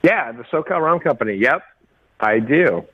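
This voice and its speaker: A man's voice: medium pitch, lively intonation, normal speed, slightly rough. Laughing man telling stories on a dull line. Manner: laughs often, acts out quoted dialogue. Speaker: guest, winery and rum company owner. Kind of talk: casual storytelling interview. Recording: dull lo-fi call-in audio.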